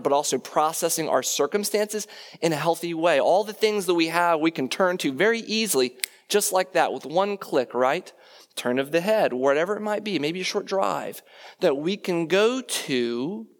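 A man preaching a sermon in a conversational way, often tagging his points with "right?" and posing rhetorical questions. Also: mid-range voice.

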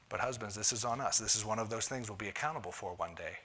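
A man preaching a conversational sermon as a pastor, moving between punchy lines and hushed asides. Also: lowish voice, quick pace, husky. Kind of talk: sermon on marriage.

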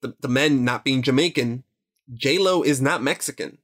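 A man's voice: medium pitch, normal speed. Rambling, emphatic man discussing a film. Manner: rambling, self-correcting, emphatic. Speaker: podcast co-host.

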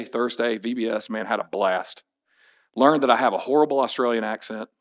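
Hoarse male pastor, forties, personal sermon with wry asides. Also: mid-range voice. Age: 40s. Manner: personal storytelling with wry humor. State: hoarse after illness. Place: church sanctuary.

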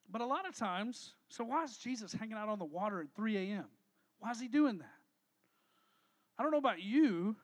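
A man preaching a casual sermon to a live audience, energetic and joking, asking the crowd questions as he goes. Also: sits high. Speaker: pastor. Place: church hall with a live audience.

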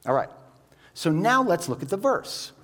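A man's voice: high voice, sing-song, moderate pace, a bit bright. A man preaching a sermon. He explains each point and keeps asking the listeners rhetorical questions.

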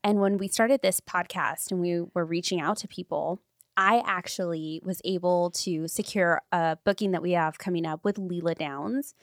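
Animated woman podcast host, dry close sound. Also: on the low side, moderate pace, no room sound. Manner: animated, gushing storyteller. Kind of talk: casual interview chat.

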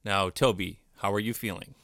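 A man hosting a children's podcast in a gentle, playful way. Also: on the low side, fairly even intonation, normal speed. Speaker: podcast host and children's musician.

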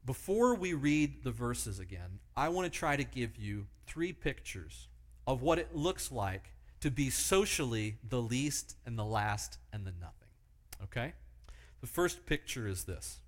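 A man delivering a sermon at a middle pitch, painting vivid pictures for his listeners. He tells illustrative stories and keeps asking rhetorical questions to draw them in. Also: big pitch swings, measured pace. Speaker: preacher.

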